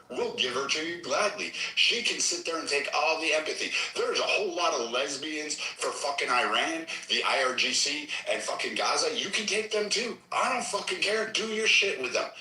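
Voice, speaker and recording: A man's voice: a little high, bright, forceful tone, reverberant, distant mic, rough recording. A man hosting a heated political argument, ranting aggressively and swearing constantly. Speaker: host. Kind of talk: heated political argument on a live audio app.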